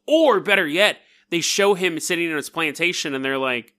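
A man hosting a casual storytelling podcast, talking in an animated, jokey and digressive way. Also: a little high, moderate pace. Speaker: podcast host.

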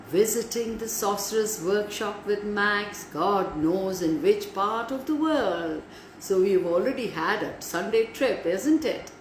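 Slow-paced woman reading stories to children. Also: mid-range voice. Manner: slow, warm, teacherly, asks children questions. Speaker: storyteller for children. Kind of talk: reading a storybook aloud and chatting to children. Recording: roomy echo, faint room noise.

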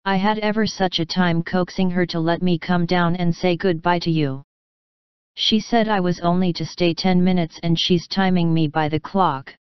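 A woman's voice: on the low side, steady tone, normal speed, clear, resonant tone, no room sound, highs cut off, lightly acted. A woman reading the part of a loyal, earnest little girl in an audiobook. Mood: tearful.

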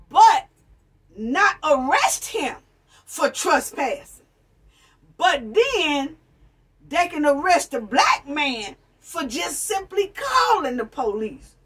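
A woman's voice: sits high, fairly bright tone, recorded from a distance. A woman raised in New York, giving a blunt, profane, preachy commentary rant straight to her viewers, calling them family and honey. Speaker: commentary vlogger. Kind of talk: ranting commentary.

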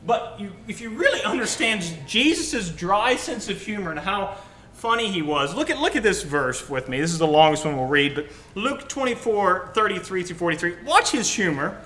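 A young adult man preaching a sermon to his congregation, telling personal stories in an animated, joking way. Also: high voice, normal speed. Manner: animated, jokey storytelling. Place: church hall. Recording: roomy church hall.

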